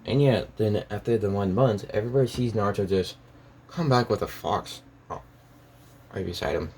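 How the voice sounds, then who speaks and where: A man with a deep, low voice narrates a made-up fan story off the cuff. He rambles, circles back and fills the gaps with "and yeah", over a faint background hiss. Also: normal speed, a little mellow. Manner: rambling, full of "and yeah" fillers and restarts.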